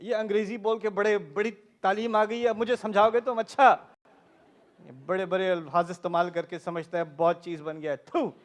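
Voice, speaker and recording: A man's voice: high-pitched, fairly even intonation, natural voice. A man mimicking a scornful immigrant parent. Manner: scornful, mocking, rapid. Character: indignant immigrant parent scolding child.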